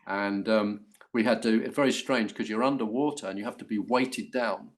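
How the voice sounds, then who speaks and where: An older English actor telling stories in an interview, animated and full of restarts. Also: male voice, lowish voice, normal speed. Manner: animated storytelling with many restarts. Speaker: actor guest. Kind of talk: anecdotal interview.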